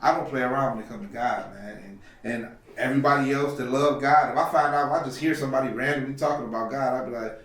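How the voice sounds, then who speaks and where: A man's voice: medium pitch, fast, fairly bright tone, recorded from a distance. A man telling a personal story on a podcast, acting out the voices of the people in it. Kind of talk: storytelling in casual talk. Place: podcast studio. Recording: roomy echo from off mic.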